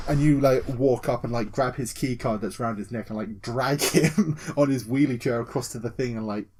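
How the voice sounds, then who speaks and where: A man co-hosting a casual gaming podcast, excitable and swearing freely, acting out scenes with yelps and laughter. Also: medium pitch, brisk, slight background noise. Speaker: podcast co-host.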